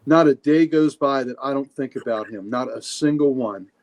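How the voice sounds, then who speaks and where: A man reading a comic aloud on a podcast and voicing Spider-Man as a gentle, caring adult male superhero in a slightly raised voice. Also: mid-range voice, normal speed, lightly acted. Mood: gentle, comforting.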